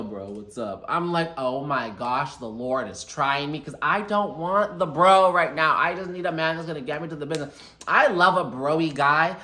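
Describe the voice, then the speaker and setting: Young man, bright chatty storyteller, echoey room. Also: fairly high pitch. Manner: chatty and animated, quotes people in quick asides. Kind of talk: casual storytime vlog.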